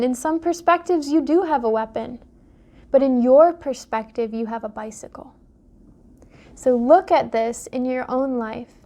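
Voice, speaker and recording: A young adult woman, a life coach, talking straight to her viewers in an impassioned vlog monologue full of rhetorical questions. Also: fairly high pitch. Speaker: life coach and dream interpreter. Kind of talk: direct-to-camera vlog monologue.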